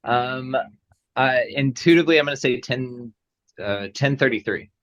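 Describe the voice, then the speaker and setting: A man's voice: medium pitch, normal speed, highs cut off. A man talking as a podcast guest, laid-back and joking. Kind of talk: casual chat.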